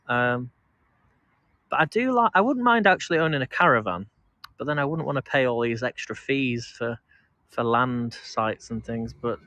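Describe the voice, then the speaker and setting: An English vlog host with a medium-pitched, sharp voice chats casually to a live-stream audience while walking in a park. He rambles, restarting sentences and laughing, on a dry recording.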